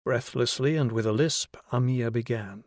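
A man narrating a novel as an audiobook in a measured, even storytelling manner. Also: medium pitch, dry recording, studio quality.

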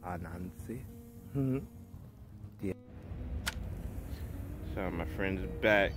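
Laid-back male vlogger, lively and amused, slow-talking, music playing in the background. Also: medium pitch. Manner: laughing often, amused, slangy. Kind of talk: casual vlog chat. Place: indoors in an office.

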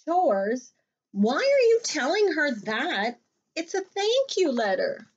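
Woman voicing a bouncy little boy rabbit, high and slow, lo-fi read-aloud storybook. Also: full character voice. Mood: eager. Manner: excited, high and loud. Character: young male rabbit, eager and chatty.

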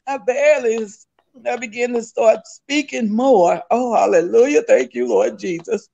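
A woman's voice: fairly high pitch, a little slow, creaky, mellow. A woman giving a fervent, tearful spoken religious testimony, repeating phrases as she speaks. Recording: dull lo-fi recording.

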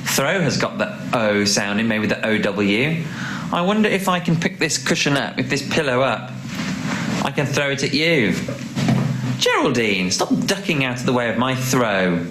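A man's voice: mid-range voice, sing-song, moderate pace. A man teaching phonics with a puppet, teasing and full of mock surprise. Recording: echoey room with background noise.

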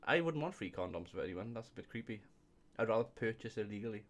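A man's voice: on the low side, expressive, fast, fairly bright tone. A young man hosting a casual comedy video, reading reviews aloud and often breaking into laughter. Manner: giggly, keeps breaking into laughter. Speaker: video host.

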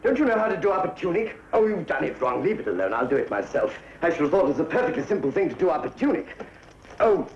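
An actor playing a flustered, pompous colonial governor in a 1950s film comedy. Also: male voice, fairly high pitch, sing-song, quick pace, a little hiss or hum. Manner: fussy, fluttery and pompous. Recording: echoey, muffled 1950s film soundtrack.

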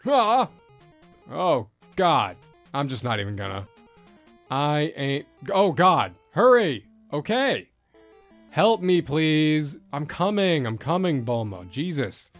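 A man commenting on a retro game as he plays, swearing and reacting loudly. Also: fairly high pitch, very animated, slow pace, soft background music. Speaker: gameplay streamer. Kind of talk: excitable let's-play commentary.

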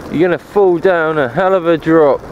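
A man's voice: on the high side, moderate pace, lo-fi sound, very noisy. A man chatting casually to his camera while cycling outdoors on a rural path, rambling and swearing freely as he films one-handed. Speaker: cycle-touring vlogger. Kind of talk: casual chat while riding. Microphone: handheld camera while cycling one-handed.

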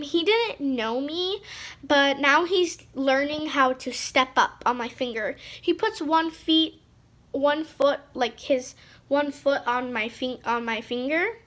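A woman's voice: sits high, slow, fairly bright tone. A female vlogger chatting casually to the camera, rambling with lots of fillers and restarts.

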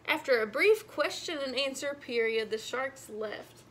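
A woman librarian reading a storybook aloud to children in an animated way, speaking to them directly. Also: sits high, unhurried, hardly any pauses.

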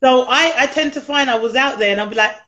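Talking fast in a high, fairly bright voice, a woman from the United Kingdom with a British accent describes her nanny work in a casual interview. She laughs often, chats freely, and acts out other people's words.

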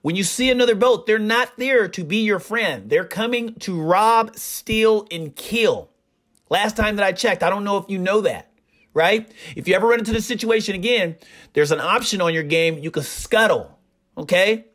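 Young adult streamer, indignant, ranting, mid-pitched, reaction commentary. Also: normal speed, fairly bright tone. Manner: indignant, ranting, repeats rhetorical "right?".

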